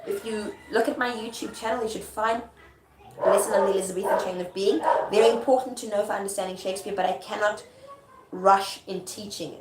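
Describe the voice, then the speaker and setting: A woman's voice: medium pitch, heavy background noise. A woman teacher explaining Shakespeare in a casual, chatty lesson, often checking that her listener follows. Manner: chatty, checks understanding with quick asides. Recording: echoey room with faint ambience.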